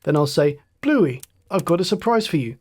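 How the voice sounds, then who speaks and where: A storyteller putting on a wounded young fighter pilot, a man whose thoughts run on in a light, musing way. His voice sits a little high and lifts brighter as he daydreams. He sounds dazed yet oddly cheerful. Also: lively intonation, normal speed, breathy edge. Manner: light, musing inner monologue.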